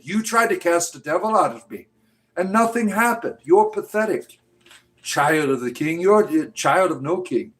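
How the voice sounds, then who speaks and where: Brief: man, livestream host, slightly high voice, mocking and taunting, casual provocative talk.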